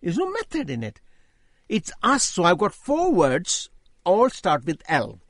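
An older man giving an emphatic sermon-style testimony, repeating key phrases, his voice rising as he gets excited. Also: high-pitched, measured pace, no echo, studio quality. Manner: voice rises when speaking with excitement. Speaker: Christian speaker giving testimony.

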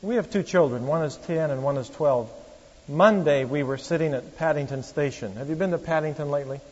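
A pastor in his forties tells stories from the pulpit in a conversational way, tossing wry asides to his congregation. His voice sits a little high and has a husky edge. He sounds far off in a reverberant church hall, on a dull lo-fi recording. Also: a little fast. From Oregon, USA. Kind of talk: sermon with anecdotes.

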